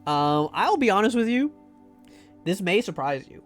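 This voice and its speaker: A man's voice: sits high, sing-song, moderate pace, soft background music. A man streaming a game live, rambling and joking with many fillers and restarts. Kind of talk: casual live-stream chat.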